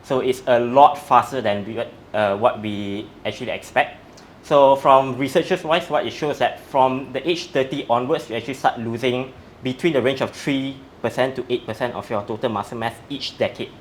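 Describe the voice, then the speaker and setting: A strength coach speaks in an interview, explaining things methodically and breaking the facts down step by step. His medium-pitched voice moves at a normal speed, with a little hiss or hum in the background.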